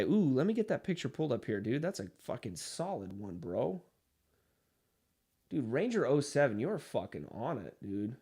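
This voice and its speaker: A man's voice: mid-range voice, sing-song, moderate pace, warm tone, slightly rough. A man hosting a livestream, reading chat and ranting in a profane, fired-up way. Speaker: livestream host.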